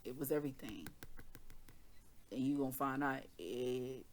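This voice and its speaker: A woman's voice: very deep voice, a little slow, darkish tone. A woman reading tarot cards, then telling a story in casual, slangy speech. She laughs often and acts out both sides of the conversation. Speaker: tarot reader.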